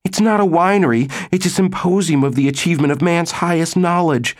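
A man voicing an excitable, zealous woman in an audiobook, speaking in a high, fervent, exclamatory way. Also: a little fast, lightly acted.

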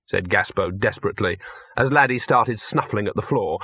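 A male audiobook narrator with a mid-range voice, telling the story in a wry, even way. The recording is close and dry, with no room sound. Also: medium pitch, brisk, slightly rough, no room sound. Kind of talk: scripted narration.

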